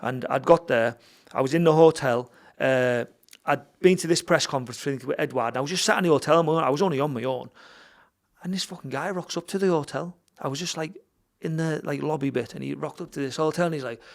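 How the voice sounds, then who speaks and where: A middle-aged man tells a story in a casual podcast chat, with a voice that sits fairly high for a man. He swears a lot and acts out what each person said. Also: brisk, vocal fry. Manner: swears freely, tells the story with quoted dialogue. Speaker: guest, fighter and gym owner.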